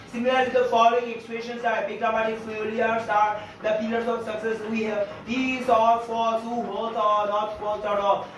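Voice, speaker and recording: A man teaching a class on figures of speech, speaking haltingly with many fillers and repeated phrases. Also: sits high, a bit bright, slight background noise. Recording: echoey room, distant lo-fi mic.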